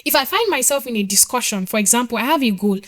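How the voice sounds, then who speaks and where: Woman, podcast guest, earnest motivational talk, slightly raised pitch, emphatic. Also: lively intonation, quick pace, a bit bright. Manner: earnest, emphatic, repeats points. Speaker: guest, nurse.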